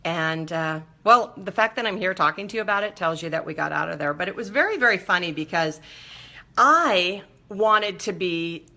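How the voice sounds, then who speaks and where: A woman hosting a talk show, telling a personal story in a lively, chatty way with playful asides. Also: on the low side, moderate pace. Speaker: show host.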